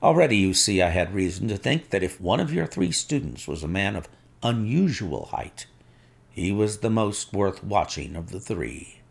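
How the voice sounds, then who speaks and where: A man's voice: deep voice, big pitch swings, creaky, husky, full character voice. A man reading a suave, commanding detective. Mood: explaining. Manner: measured, suave and firm.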